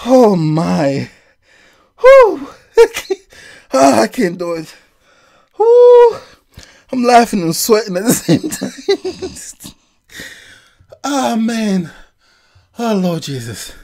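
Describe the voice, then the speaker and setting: A woman's voice: mid-range voice, darkish tone. A woman hosting a reaction video, talking casually between fits of amused, breathless exclamations.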